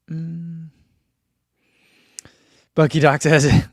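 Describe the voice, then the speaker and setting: A man hosts a relaxed livestream for his running channel, reading comments from chat and meandering with many fillers. His voice sits at a medium pitch, and he speaks unhurriedly with long pauses. It is studio-quality sound without echo.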